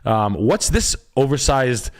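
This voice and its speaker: A man's voice: mid-range voice, big pitch swings, unhurried. Realtor guy on a live stream, cursing and rambling, voice jumps up and down a lot. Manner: blunt, profane, rambling critique. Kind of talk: live-stream house listing review.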